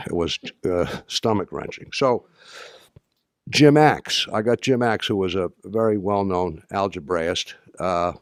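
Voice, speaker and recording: An older man giving an anecdotal talk to an audience, halting with restarts and dry humor. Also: low voice, no room sound. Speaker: speaker addressing an audience.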